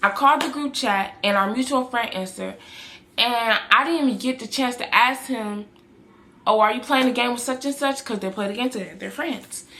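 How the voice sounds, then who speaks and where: A woman's voice: on the high side, a bit bright. A young woman vlogger telling a personal story in a casual, rambling way, repeating herself and speaking to viewers as y'all.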